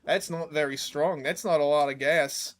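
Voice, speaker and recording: A young male streamer chatting over a game with rambling, self-mocking humor and casual swearing. His voice sits a little higher than most men's. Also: steady tone, moderate pace. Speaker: gaming streamer. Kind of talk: casual gameplay commentary.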